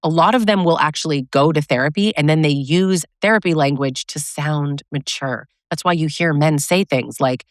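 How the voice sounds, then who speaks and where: A woman's voice: low-pitched, normal speed, hardly any pauses, no room sound, clean studio sound. A woman relationship coach giving blunt, sarcastic advice, acting out quoted lines as she talks. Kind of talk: direct-to-camera advice talk.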